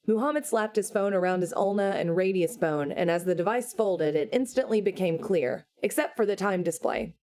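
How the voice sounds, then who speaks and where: A woman reading a novel aloud as audiobook narrator, in a measured, unhurried way. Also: mid-range voice, darkish tone. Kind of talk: scripted narration.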